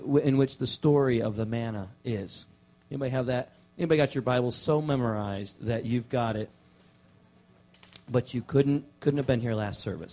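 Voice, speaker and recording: A man, a pastor, preaching a casual sermon to his church, relaxed and joking, with many fillers and restarts. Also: mid-range voice. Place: church sanctuary.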